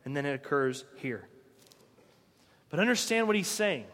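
A man's voice: on the high side, very animated, unhurried, fairly bright tone, long reverb tail. A man preaching a sermon in a conversational way, asking his listeners rhetorical questions. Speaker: pastor.

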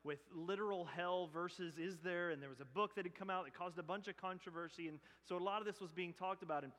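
A male pastor preaching a sermon, rising to loud emphatic bursts and dropping to hushed, earnest pleading. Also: high voice, quick pace. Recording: long hall reverb.

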